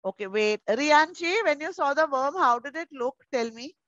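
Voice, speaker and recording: A woman preschool teacher, leading young children through an online class in an animated, playful, coaxing way. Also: sits high, moderate pace, no echo, dull audio.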